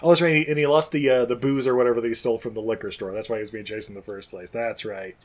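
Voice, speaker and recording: A man's voice: medium pitch, fairly even intonation, fast. A man recapping a movie in casual chat. He rambles, swears freely and laughs often as he talks.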